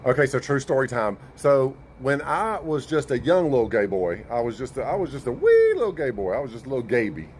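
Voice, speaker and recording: A man with a Southern US accent tells a playful storytime to camera. His pitch is mid-range but lively, bouncing around as he tells it. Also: a little fast, hardly any pauses, slight background noise.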